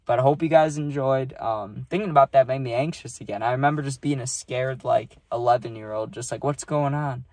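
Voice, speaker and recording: A young man tells a story to his viewers in a loose, rambling way, full of "like" and "you know," with casual swearing. His voice sits at an ordinary middle pitch. The sound is dry and close, with no room echo. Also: a little fast, few pauses, a little mellow. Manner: rambling, filler-heavy, sweary. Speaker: vlogger.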